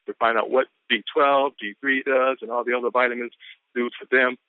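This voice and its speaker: A man's voice: mid-range voice, little pitch movement, brisk, smooth, no echo. A man giving an exuberant, repetitive motivational pep talk on a business conference call, whooping often. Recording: tinny phone line.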